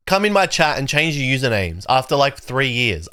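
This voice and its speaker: A man runs his livestream in a loose, rambling chat, getting excitable and swearing freely. His pitch swings widely from line to line. The sound is dry and close, with no room around it. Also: a little fast, few pauses, dry recording. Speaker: livestream host. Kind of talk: casual chat reacting to chat.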